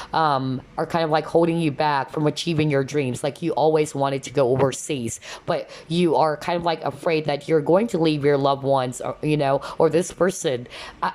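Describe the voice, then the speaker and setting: A woman's voice: deep voice, a little mellow. A woman giving a casual tarot card reading to viewers, losing her voice, chatty and full of "kind of, like" and "okay?".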